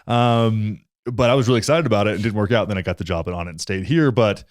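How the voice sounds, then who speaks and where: Fast-talking, fired-up male podcast host. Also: lowish voice, dry recording, studio quality. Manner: heated, blunt, swears freely. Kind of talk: casual conversational podcast.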